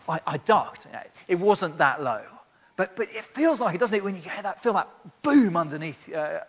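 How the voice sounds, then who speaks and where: A man's voice: on the high side, fairly bright tone. A man preaching a sermon with emphatic rhetorical questions and frequent restarts. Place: church hall. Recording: long church reverb.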